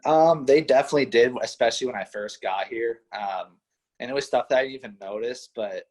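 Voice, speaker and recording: A college wrestler in his young adult years speaks briskly at medium pitch with a darkish tone. Chatting casually as an interview guest, he's modest and laid-back, his Pittsburgh accent tinged with Midwest from western Pennsylvania, and his talk is packed with "you know" and "like."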